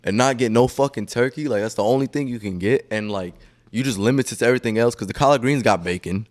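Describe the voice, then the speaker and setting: A man's voice: medium pitch, fast talker. A young man in casual podcast chat, telling a long story with lots of filler and cursing. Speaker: podcast host.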